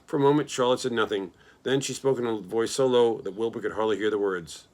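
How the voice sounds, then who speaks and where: A man reading a children's novel aloud in a plain, steady storytelling manner. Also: lowish voice, quick pace. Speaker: reader.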